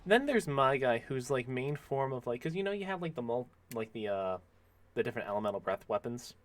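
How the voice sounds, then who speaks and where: A man chatting while playing a game, laid-back and joking, often quiet. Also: mid-range voice, big pitch swings, fairly quick. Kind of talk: casual chat while gaming.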